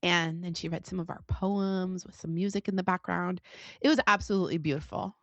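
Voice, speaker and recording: A woman's voice: lowish voice, fairly even intonation, a little fast, no echo, lo-fi sound. A woman hosting a casual podcast, upbeat and talking her listeners through what is happening in the studio. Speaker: podcast host.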